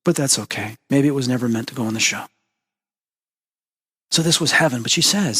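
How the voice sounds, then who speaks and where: A man's voice: normal speed, pauses often, breathy edge, long reverb tail. A man hosting a spiritual talk show, telling a personal story and acting out the dialogue with big jumps in voice. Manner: animated storytelling, acts out quoted dialogue with big pitch jumps. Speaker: host. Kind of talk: storytelling monologue.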